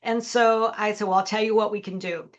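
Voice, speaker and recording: A woman's voice: mid-range voice, steady tone, a little fast. A middle-aged woman, a leadership coach, telling a story as a podcast guest and acting out the dialogue. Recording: dull lo-fi audio.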